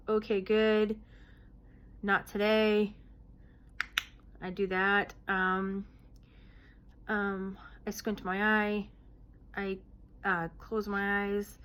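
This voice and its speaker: A woman in her late thirties answers viewer questions in a casual Q&A vlog, her mid-range voice a bit bright. Her chat is broken by sudden hoots, outbursts and throat clearing.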